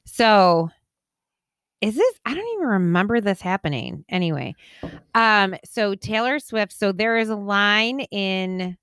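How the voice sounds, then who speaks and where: A woman's voice: medium pitch, animated, measured pace, fairly bright tone, smooth, no echo. A young woman co-hosting a podcast, reacting to her partner's gossip with disbelief and wry humor. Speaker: podcast co-host. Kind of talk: casual gossip chat.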